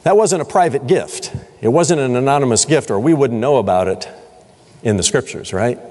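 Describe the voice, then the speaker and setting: A man's voice: medium pitch, lively intonation, moderate pace, darkish tone. A middle-aged man preaching a sermon as pastor, emphatic and asking the congregation rhetorical questions. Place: church sanctuary. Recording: long hall reverb.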